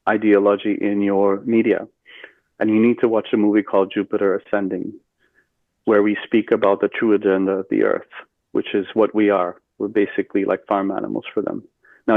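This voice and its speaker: A man's voice: lowish voice, dry recording. Man on a tinny phone line. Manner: earnest, steady storytelling with fillers. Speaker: podcast guest. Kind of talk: recounting a personal story.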